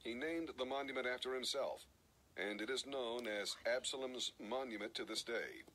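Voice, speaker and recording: Bright-voiced man reading scripture. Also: mid-range voice, moderate pace, low-quality recording. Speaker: scripture reader.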